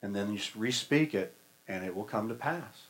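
A man's voice: on the low side, expressive, normal speed, rough recording. A male preacher giving a sermon in a folksy, conversational and humorous way.

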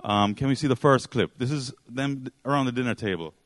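A man's voice: mid-range voice, fairly quick. A man preaching a sermon, retelling a story in a rambling, casual way with frequent fillers.

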